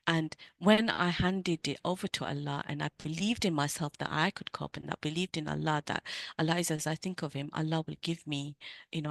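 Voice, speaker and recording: A middle-aged woman coach giving an earnest, emotional personal talk to other women, with halting restarts. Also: low-pitched, no room sound.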